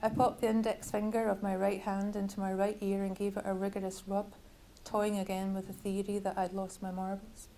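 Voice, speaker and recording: Woman author, measured bookshop reading, level even delivery. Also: mid-range voice, a little hiss or hum, poor audio. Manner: measured, literary reading with wry asides. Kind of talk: reading from her novel.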